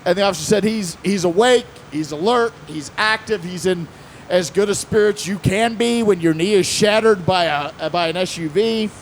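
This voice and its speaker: A man telling a story on a convention panel in a casual, animated way, acting out the quotes and laughing often. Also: high-pitched, moderate pace, slight background noise.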